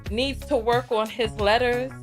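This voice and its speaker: A woman's voice: fairly high pitch, fairly even intonation, a little slow, faint music behind. A woman hosting a live reaction stream, reading viewer comments in a blunt, exasperated way and often repeating herself. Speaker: livestream host.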